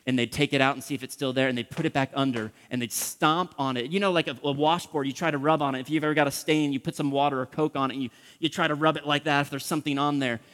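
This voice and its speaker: A man preaching a sermon as pastor, impassioned, acting out prayers and dropping from loud pleading to hushed whispers. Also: on the high side, steady tone, quick pace, hardly any pauses, big-room sound.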